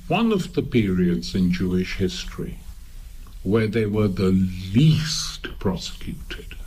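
An older man from Pakistan giving a public lecture in a slow, measured, digressive way. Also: fairly low pitch, a little mellow, husky, low-quality recording.

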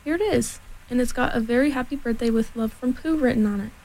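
A woman voicing a cheerful, simple male bear in a storybook reading, eager and excited. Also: a little high, fast talker, poor audio.

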